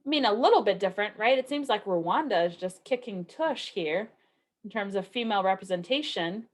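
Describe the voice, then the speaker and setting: A statistics instructor gives a recorded lecture in a conversational style, her mid-range voice expressive and fairly quick. She poses rhetorical questions and keeps checking in with "okay" and "right."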